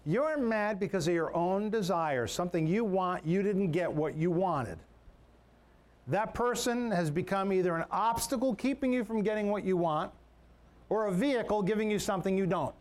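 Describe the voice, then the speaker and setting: A man's voice: high voice, expressive, normal speed, pauses often. A man preaching a sermon as a pastor, in a conversational way, often repeating words and restarting sentences.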